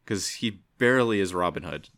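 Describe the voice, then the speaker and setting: A man's voice: deep voice, lively intonation, a little fast, fairly bright tone, dry recording. A man co-hosting a casual movie podcast, rambling and hesitant, often trailing off with "I don't know.". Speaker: podcast co-host. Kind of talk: casual movie review chat.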